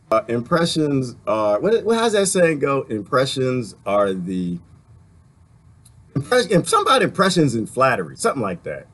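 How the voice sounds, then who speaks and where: Husky, rambling, animated man. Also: mid-range voice, normal speed, pauses often. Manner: rambling, laughing, animated rants. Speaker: political commentator. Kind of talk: casual spoken monologue.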